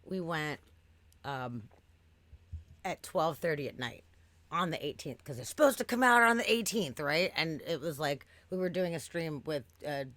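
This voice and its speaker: Woman chatting on a stream, low voice, super dry close sound, swears a lot. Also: expressive, normal speed, fairly bright tone, no echo. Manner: chatty, swearing, laughing storyteller. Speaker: stream co-host. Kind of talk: casual chat.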